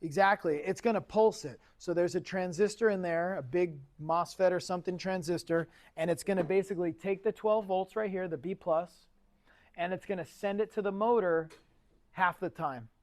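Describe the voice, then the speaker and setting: A man's voice: sits high, normal speed, a little mellow. A man teaching an automotive class in a chatty, casual lecture style, often asking the students questions. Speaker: automotive instructor.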